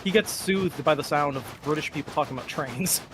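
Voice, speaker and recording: A man in a casual chat, upbeat and chatty with quick asides. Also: a little high. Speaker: co-host of a gaming chat. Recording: music playing behind the voice.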